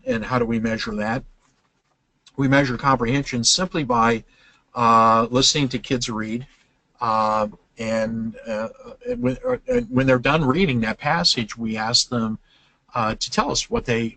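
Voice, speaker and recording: A man's voice: medium pitch, bright, forceful tone, dry recording, low-quality recording. An older man presenting a webinar to teachers, explaining step by step with many fillers and restarts.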